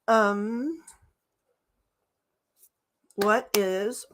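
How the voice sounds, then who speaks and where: A woman's voice: mid-range voice, very slow, a bit bright. Woman, mid-range voice, hiccuping; chatty, giggly live-stream card reader talking to viewers. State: has the hiccups. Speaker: tarot reader. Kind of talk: live-stream reading, casual chat.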